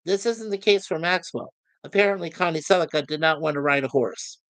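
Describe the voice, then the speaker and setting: Reviewing a TV series on a casual livestream, a podcast host chuckles as he reads chat messages aloud, mixing in trivia and filler pauses in a friendly way. His voice is on the high side and a bit bright, with no echo.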